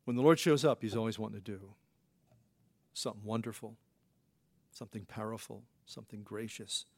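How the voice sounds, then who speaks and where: A man's voice: lowish voice, brisk, gravelly, a little mellow. Folksy male pastor preaching conversationally. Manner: folksy, rhetorical questions, frequent "you know" fillers. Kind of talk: conversational sermon.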